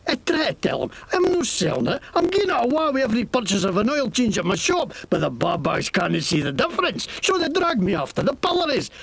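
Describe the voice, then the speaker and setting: An actor playing a foul-mouthed, boastful Scottish petty crook with a Scottish accent in a video game, talking in a rambling, crude way. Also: male voice, very high voice, big pitch swings, brisk, vocal fry, hardly any pauses, fairly bright tone, slightly rough, no echo, full character voice, rough recording. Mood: indignant.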